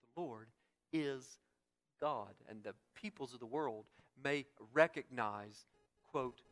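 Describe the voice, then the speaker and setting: A man preaching an expository sermon, building to loud emphatic peaks and dropping back to quiet, repeating phrases for weight. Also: mid-range voice, slow. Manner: dynamic, swells loud on key points, drops soft after. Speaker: pastor.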